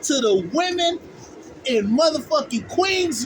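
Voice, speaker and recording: A man's voice: very high-pitched, expressive, moderate pace, fairly bright tone. A man from California, co-hosting and chiming in with emphatic, exclamatory remarks and stutters. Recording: noisy, off-mic with passing vehicle sounds.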